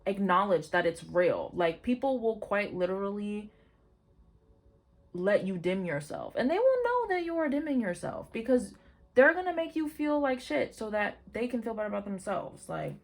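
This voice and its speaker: A woman reading tarot cards for her viewers in a casual, excitable way, swearing freely and often breaking into exclamations as she gives them a pep talk. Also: medium pitch, moderate pace. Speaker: tarot reader.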